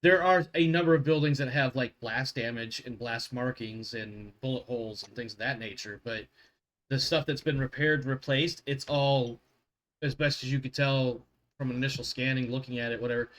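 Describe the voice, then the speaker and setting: A man's voice: medium pitch, fairly even intonation, normal speed, fairly bright tone. A man narrating as game master of a tabletop game, rambling with fillers and self-corrections.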